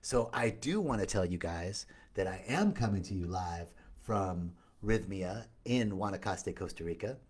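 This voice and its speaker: A man's voice: deep voice, lively intonation, unhurried, hardly any pauses, darkish tone, slightly rough. A man hosting a loose, upbeat live stream, greeting viewers by name as he talks. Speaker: retreat host. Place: outdoor retreat in tropical setting.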